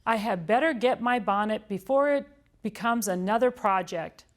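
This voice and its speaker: A woman voicing a cheerful, literal-minded housekeeper woman in a children's storybook read-aloud, bright and eager. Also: mid-range voice, normal speed, lightly acted.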